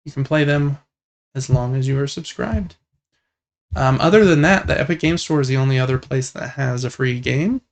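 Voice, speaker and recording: A young man co-hosting a casual gaming podcast, talking in a relaxed, rambling and enthusiastic way. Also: medium pitch, normal speed. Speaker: podcast co-host.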